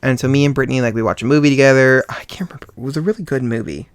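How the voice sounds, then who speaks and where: A young man hosting a podcast, telling a personal story in a casual, animated way and acting out what people said. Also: medium pitch, racing, smooth, no echo. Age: young adult. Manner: animated, acts out quoted voices with sighs and laughs. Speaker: podcast host.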